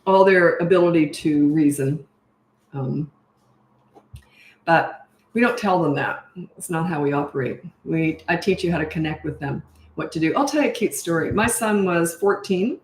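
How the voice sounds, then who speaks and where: Animated self-mocking woman coach. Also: sits low, reverberant. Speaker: parenting coach. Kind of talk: casual storytelling Q&A.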